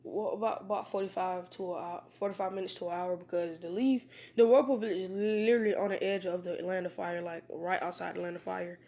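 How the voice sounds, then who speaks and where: A woman's voice: fairly low pitch, steady tone, fairly quick, few pauses, mellow. A woman casually telling a fan story, rambling and informal, with many fillers and restarts. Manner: informal, slangy.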